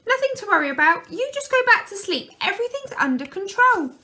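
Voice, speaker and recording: A woman's voice: very high voice, big pitch swings, fairly quick, pushed and bright, pitched above the performer's own voice, heavily acted. A woman voicing a small, earnest boy soothing his mum.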